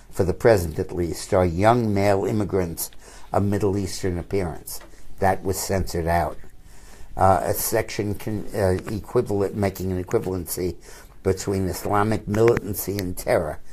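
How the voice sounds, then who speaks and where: A man's voice: low voice, a little mellow, slight background noise. An older man, a political commentator, telling anecdotes in a casual chat with frequent restarts.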